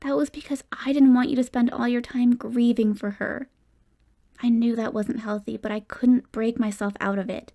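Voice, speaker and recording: A woman narrating a loving middle-aged mother who shifts between soft whispers and fierce pleading. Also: on the high side, fairly even intonation, moderate pace, lightly acted. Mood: tender.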